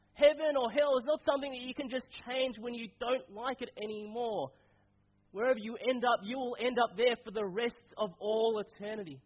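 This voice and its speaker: A man's voice: extremely high pitch, highs cut off. A man preaching a sermon in a casual, conversational way, his voice stuffy and nasal from a cold.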